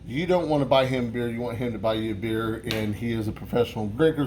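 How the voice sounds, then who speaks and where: A man's voice: medium pitch, quick pace, few pauses, a little mellow, slight background noise. A man hosting a casual beer review vlog, rambling and swearing, with lots of restarts.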